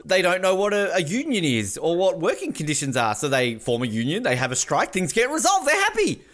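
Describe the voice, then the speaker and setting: A man's voice: high-pitched, huge pitch swings, brisk, a bit bright. A man co-hosting a podcast in casual chat, rambling and joking with crude asides. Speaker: podcast co-host.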